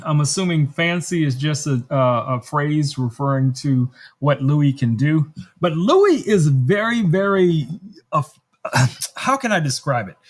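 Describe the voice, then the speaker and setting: A man hosting a casual live-stream tech demo from his studio, chatty and thinking aloud as he works. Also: fairly high pitch. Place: home studio.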